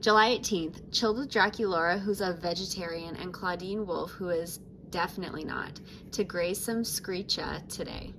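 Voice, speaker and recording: A woman voicing a laid-back teenage sea-monster surfer girl, reading her diary aloud softly. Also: on the low side, normal speed, few pauses, background noise, close to an everyday voice. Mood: mellow.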